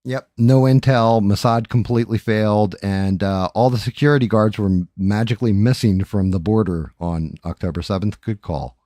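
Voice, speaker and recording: Man, live-stream host, low voice, rambling casual chat, profane, dry close mic. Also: normal speed, hardly any pauses, mellow, no room sound. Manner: rambling, profane, talks straight to viewers. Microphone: studio microphone.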